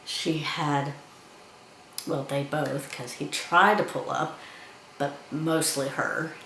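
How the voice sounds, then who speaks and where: A woman with a low, deep voice talks through a film's plot in a loose, chatty way, slipping into the characters' lines as she goes. Her voice rings in an echoey room, with a faint hum of background noise. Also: fairly even intonation, slow, fairly bright tone. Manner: chatty, retells scenes by acting out quotes. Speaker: film reviewer. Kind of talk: casual film review and plot retelling.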